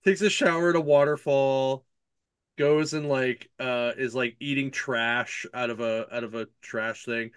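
A man's voice: medium pitch, steady tone, a little slow, clean tone, no echo, clean studio sound. A man hosting a casual book chat, recapping a plot in a rambling way, laughing often and leaning on lots of fillers. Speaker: podcast host reviewing books.

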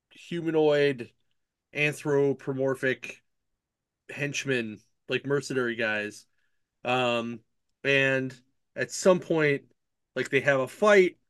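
A man's voice: mid-range voice, a bit bright, clean tone, no echo, studio quality. A man hosting a casual book chat, recapping a plot in a rambling way, laughing often and leaning on lots of fillers. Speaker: podcast host reviewing books.

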